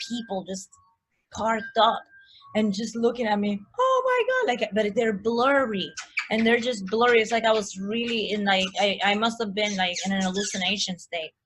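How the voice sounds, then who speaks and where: A woman telling a personal story as a guest in a casual chat, animated, full of likes and restarts. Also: medium pitch, normal speed, a little hiss or hum, low-quality recording.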